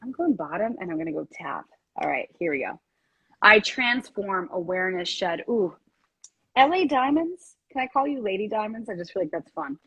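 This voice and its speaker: A woman hosting a live-stream card reading, speaking in a gentle, rambling way with many fillers. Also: on the low side, animated, brisk, breathy edge, no room sound, muffled recording. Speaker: card reader and reiki host.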